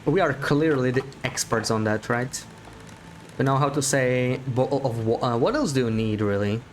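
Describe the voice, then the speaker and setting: A man's voice: mid-range voice, lively intonation, normal speed, slight background noise. A man giving live gameplay commentary as a streamer, chatting to his viewers, thinking aloud and laughing often.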